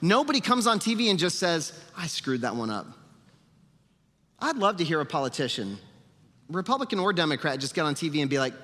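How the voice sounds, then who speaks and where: A man preaching a sermon as pastor, animated, acting out quotes with sarcastic asides. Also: a little high, fairly quick. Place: church sanctuary. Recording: long reverb of a church hall.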